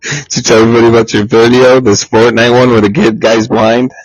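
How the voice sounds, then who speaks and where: Dude on a podcast, husky voice, swears a lot, roasts his friends. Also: mid-range voice, a little fast, no echo, muffled recording. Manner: profane, teasing, animated impressions. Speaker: podcast co-host. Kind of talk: casual chat.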